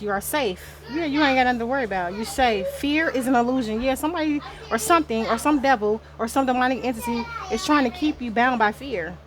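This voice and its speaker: A woman's voice: on the high side, background noise. A woman giving a casual spiritual card reading to her viewers indoors, talking in a rambling, loose way and swearing now and then. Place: indoor room.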